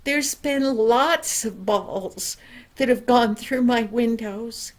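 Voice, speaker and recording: A kindly old neighbor woman in a storybook, gracious and warmly emphatic, in a raised, slightly higher voice, as a grandmother puts her on. She speaks slowly and pleasantly, savoring every word.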